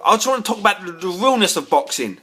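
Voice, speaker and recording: A man's voice: high voice, big pitch swings, fast talker, pushed and bright, breathy edge, soft background music. A tipsy man, rambling to camera in a casual rant, stumbling over repeated words and swearing when riled. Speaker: vlogger.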